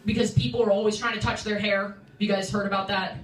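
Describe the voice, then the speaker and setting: A woman's voice: mid-range voice, little pitch movement, fast talker, roomy sound, recorded from a distance, slight background noise. A young woman from New York City doing a stand-up set at an open mic, chatty and self-interrupting, laughing at her own jokes, recorded from a phone in a small room. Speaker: stand-up comedian. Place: small comedy room indoors. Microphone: phone livestream from the room.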